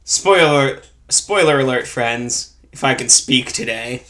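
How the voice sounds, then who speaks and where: A man's voice: medium pitch, takes it slowly, pushed and bright. A man co-hosting a casual movie review chat, blunt and sarcastic, swearing freely. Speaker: podcast co-host reviewing a film.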